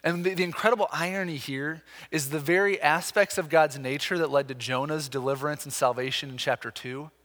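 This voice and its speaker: A man's voice: a little high, fairly quick, hardly any pauses. Earnest preacher man in a reverberant hall. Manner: earnest, animated preaching with repeated restarts. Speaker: pastor. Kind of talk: sermon.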